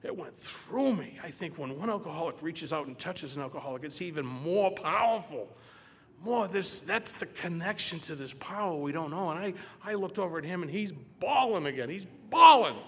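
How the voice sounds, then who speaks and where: A man's voice: on the high side, moderate pace. Older guy telling his story at a meeting, keeps repeating himself, roomy hall with faint noise behind. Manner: animated storyteller acting out his own quotes, repeats phrases. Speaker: recovery meeting speaker. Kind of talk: personal testimony at a meeting. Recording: roomy hall reverb, faint background ambience.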